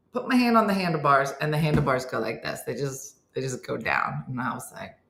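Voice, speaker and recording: A woman's voice: low voice, fairly bright tone, echoey room. A woman telling a comic story about her morning, acting out both sides of a quarrel and laughing through it. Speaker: comedian and morning show host.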